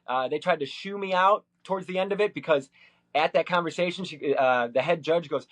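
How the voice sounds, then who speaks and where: A man's voice: a little high, fairly quick, fairly bright tone. A man from Minnesota, talking hesitantly with many fillers and restarts as he recounts his day in a personal vlog. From Minnesota, USA. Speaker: vlogger.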